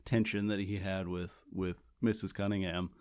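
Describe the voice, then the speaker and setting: Rambling low-voiced man, podcast co-host. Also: flat delivery, moderate pace, a little mellow. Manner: rambling, many restarts and "you know". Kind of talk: casual chat.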